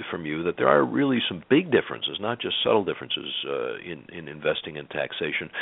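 A man hosting a finance radio show, chatting with a guest in a conversational way with many fillers and quick affirmations. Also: low-pitched, creaky. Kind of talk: radio interview. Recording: tinny phone-like radio audio.

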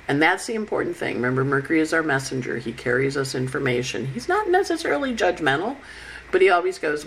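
A woman talking through her weekly astrology forecast, animated and chatty, slipping into little voices for the planets, while unwell. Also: low voice, a little hiss or hum, rough recording. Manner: animated, acts out planets' voices in quick asides. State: unwell with covid.

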